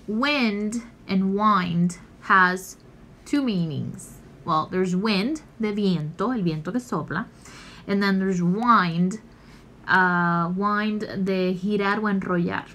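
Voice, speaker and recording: A woman teacher recording a lesson, slowly and patiently explaining each answer step by step. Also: mid-range voice, a bit bright. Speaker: English teacher.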